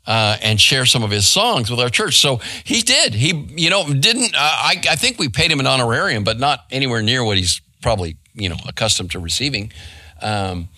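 A man's voice: mid-range voice, big pitch swings, fairly quick, pushed and bright, dry recording. A middle-aged man and pastor, giving a casual Bible study with many fillers and asides to the room. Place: church hall.

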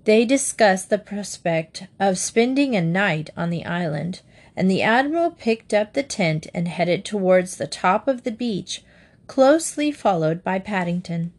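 A woman narrating a children's storybook aloud in a steady, even-paced reading. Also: mid-range voice, unhurried.

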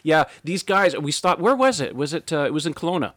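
A man from Canada in relaxed casual conversation, recounting trip anecdotes. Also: fairly high pitch, a little fast, dry recording, studio quality. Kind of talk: casual chat.

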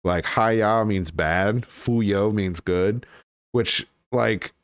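A man's voice: on the low side, drawn-out words, clear, resonant tone, no echo, studio quality. A man hosting a podcast in casual chat, rambling and blunt, with frequent fillers and swearing. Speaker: podcast host.

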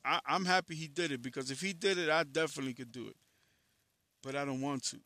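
A man's voice: a little high, quick pace, sharp tone, no echo. A man who is a musician, giving a blunt, profane, candid personal monologue, frustrated and reflective.

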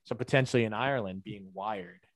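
A man chatting casually on a podcast, rambling and halting, with lots of "like"s. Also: fairly low pitch, dry recording, clean studio sound. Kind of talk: casual chat.

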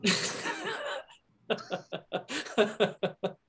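A young man hosting a casual chat, telling an animated story and laughing at it. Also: very high voice, drawn-out words, slightly rough. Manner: animated storyteller, laughs at his own stories.

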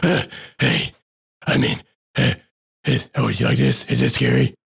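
A man voicing a male caped superhero who has lost his gruff voice, speaking in a halting, awkward way. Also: medium pitch, fairly even intonation, exaggerated voice. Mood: sheepish.

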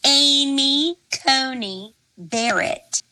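A woman co-hosting a casual comedy podcast, speaking in a dry, sarcastic, drawn-out way. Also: sits high, pushed and bright, no echo, soft background music, rough recording. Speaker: podcast co-host.

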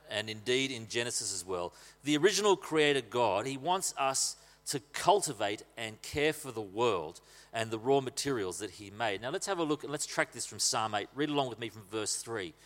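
A man's voice: medium pitch, fairly bright tone. A man preaching a sermon in a conversational, humorous way with asides to the congregation. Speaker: pastor. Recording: long hall reverb.

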